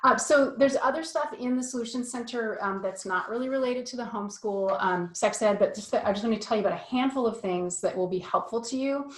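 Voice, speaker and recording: A woman's voice: on the high side, a little fast, hardly any pauses, echoey room. A woman coaching parents in a casual, chatty talk full of fillers and asides. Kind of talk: casual online course talk.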